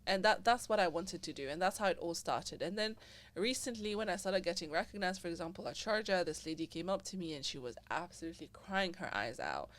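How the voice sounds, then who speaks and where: A young woman, a podcast host being interviewed, chatting casually and acting out quoted lines with big jumps in pitch. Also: expressive, a little fast. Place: living in Dubai.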